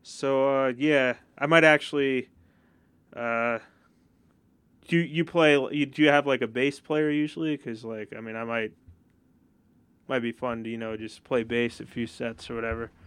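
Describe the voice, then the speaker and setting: A young man hosting a casual podcast interview, talking in a relaxed and hesitant way with lots of fillers. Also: mid-range voice, measured pace, smooth. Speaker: podcast host.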